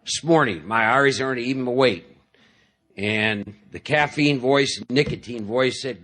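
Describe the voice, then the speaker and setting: A man with a husky, slightly breathy voice gives a talk to a live audience at a recovery meeting. He speaks conversationally and likes to joke, acts out little inner voices, and keeps checking in with his listeners. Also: medium pitch, a little slow, a bit bright.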